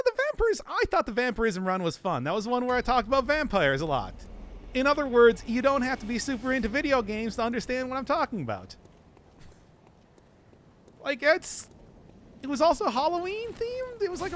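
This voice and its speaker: A man's voice: extremely high pitch, a bit bright, slight background noise. A man streaming a video game, chatting casually in a rambling, joking way and laughing often. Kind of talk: casual live-stream commentary.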